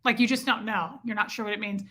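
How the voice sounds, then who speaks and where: A woman's voice: medium pitch, steady tone, fast talker, bright, forceful tone. A woman hosting a casual livestream, rambling through stories and answering viewers' questions. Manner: chatty, rambling, reads and answers chat. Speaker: livestream host.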